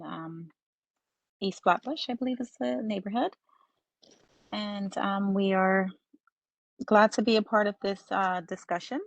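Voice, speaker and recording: A woman's voice: mid-range voice, no echo, poor audio. A woman who founded and heads a school, answering questions politely on a phone during an online meeting. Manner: polite, measured, slightly unsure. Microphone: phone on a video call.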